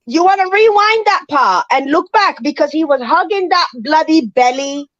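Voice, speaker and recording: A woman co-hosting a reality show review in a high, lively voice, piling on emphatic repetitions as she gossips. The recording is dry and somewhat dull. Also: moderate pace, dry recording. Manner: animated, emphatic, repeats phrases for effect. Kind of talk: casual gossip chat.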